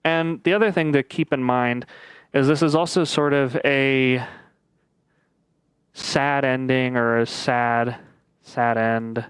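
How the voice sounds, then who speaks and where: A man giving casual let's-play commentary as he plays a puzzle game, thinking aloud with frequent pauses and fillers. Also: mid-range voice, fairly even intonation, clear, resonant tone, dry recording. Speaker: gaming video creator.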